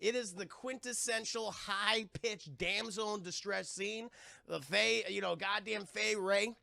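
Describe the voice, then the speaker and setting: A man recapping a film for his livestream chat in a casual, profane, animated way, talking straight to the chat and breaking into loud laughter. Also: a little slow, creaky, no room sound. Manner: bursts into loud high laughter. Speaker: film reviewer streaming to chat.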